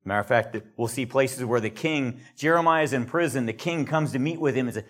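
An older man teaching a classroom Bible lecture in an earnest manner, growing animated when he reads quotes aloud. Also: medium pitch, fairly quick.

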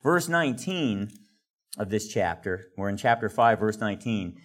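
A man leading a conversational Bible study, explaining verses in a relaxed way with chatty asides. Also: fairly low pitch, moderate pace.

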